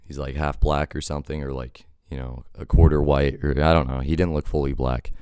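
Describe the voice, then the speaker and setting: A man with an extremely deep, smooth voice tells a rambling, wry story, filling it with "like" and "you know." He is sick, and it comes across as close and dry. It sounds like a casual storytime vlog. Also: flat delivery, brisk, dark tone, dry recording. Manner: rambling, filler-heavy, wry. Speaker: storytelling vlogger.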